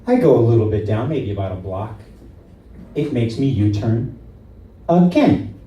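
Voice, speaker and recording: A man telling a driving story as stand-up comedy, acting out shouts and asides to the audience. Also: mid-range voice, very animated, measured pace, echoey room, distant mic, rough recording.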